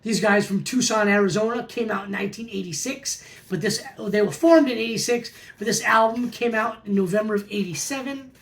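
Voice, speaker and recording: Vlog host, forties, gravelly voice of middling pitch, keen and chatty. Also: fairly quick. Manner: enthusiastic, repeats praise words. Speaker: metal record collector host. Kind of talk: casual album review vlog.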